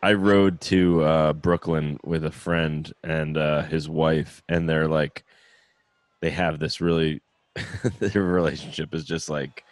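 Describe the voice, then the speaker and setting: Brief: deep-voiced young podcast host, laid-back and sweary, dry close sound. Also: male voice, level tone, takes it slowly, no room sound. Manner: laughing, loose, swears freely. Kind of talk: casual chat.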